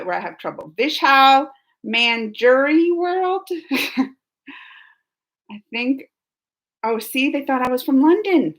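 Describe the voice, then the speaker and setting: High-voiced woman hosting a chatty stream. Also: fairly bright tone. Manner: reads viewer comments aloud, chatty, laughs often. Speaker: reaction channel host. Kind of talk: casual live reaction chat.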